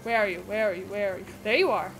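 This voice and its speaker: Streaming a horror video game, this woman gives excitable, easily startled let's-play commentary and shouts at the game's characters when frightened. She speaks fast at a medium pitch.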